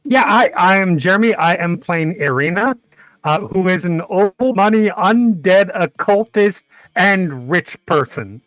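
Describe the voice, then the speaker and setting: A man's voice: sits high, lively intonation, measured pace, fairly bright tone, no room sound. A man chatting playfully as a tabletop game player. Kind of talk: casual chat.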